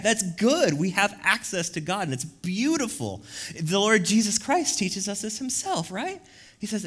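A man preaching a sermon as pastor, casual and slangy, moving from quiet reflection to loud, emphatic bursts. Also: on the high side, very animated, moderate pace.

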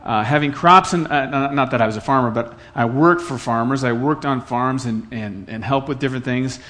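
A man's voice: mid-range voice, normal speed, fairly bright tone. A middle-aged man from Iowa preaching a sermon in an earnest, conversational way, telling stories and repeating phrases for effect. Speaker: pastor.

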